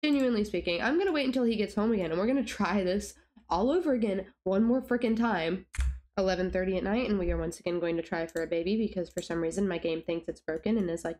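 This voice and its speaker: A woman's voice: medium pitch, brisk, darkish tone. A young woman giving casual gameplay commentary, rambling and exasperated, talking to the characters in her game. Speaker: gaming YouTuber.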